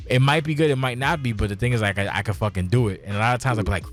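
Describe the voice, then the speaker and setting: A man's voice: fairly low pitch, very fast, hardly any pauses. Tipsy, rambling podcast host guy. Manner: rambling, loses his train of thought; swears constantly, restarts sentences. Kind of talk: casual profane chat.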